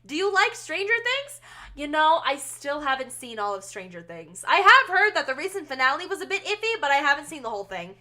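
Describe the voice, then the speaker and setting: A woman's voice: high voice, big pitch swings, a little fast, sharp tone. A young woman streaming a game live, bubbly and chatty as she thanks viewers and reads the dialogue aloud.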